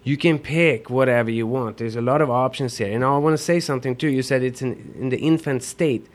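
A man's voice: mid-range voice, brisk. A man with a Swedish accent, a guest explaining things in casual interview chat, earnest and a little repetitive. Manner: earnest, explanatory, repeats words.

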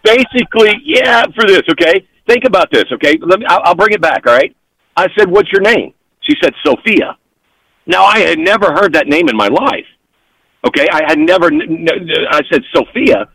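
A man as a podcast guest, telling an animated story in an excitable way and constantly checking in with the listener. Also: sits high, fairly quick, creaky, no room sound, poor audio. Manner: excitable, keeps checking in with "okay?".

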